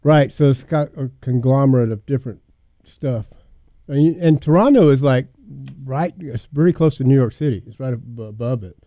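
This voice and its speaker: A man's voice: medium pitch, normal speed, mellow, dry recording. A man hosting a casual podcast, hesitant and full of questions. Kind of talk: casual chat.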